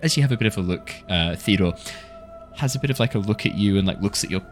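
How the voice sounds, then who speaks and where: Man, dungeon master, very low voice, playful narration, faint background music. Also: lively intonation, fast talker. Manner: playful, laughing, loose storytelling. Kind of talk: narrating a tabletop game.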